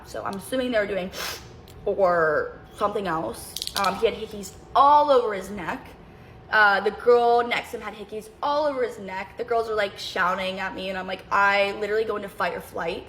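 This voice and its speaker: A young woman in casual storytime mode, her voice at an ordinary middle pitch. She rambles, breaks off mid-sentence and hops between side stories as she talks. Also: fairly bright tone, a little hiss or hum, rough recording. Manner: rambling, self-interrupting, jumps between tangents.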